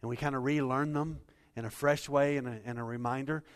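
A man preaching a sermon in a large sanctuary, his earnest voice sitting at an ordinary middle pitch. He presses his listeners with rhetorical questions. His words hang in a long, echoing reverb. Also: steady tone, a little fast, few pauses.

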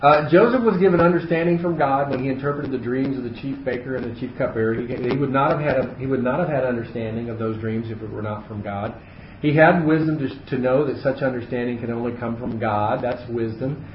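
A man's voice: mid-range voice, a little fast, slight background noise. A man leading a casual Bible study for a small group, thinking aloud with frequent fillers and restarts. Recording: echoey room, muffled audio.

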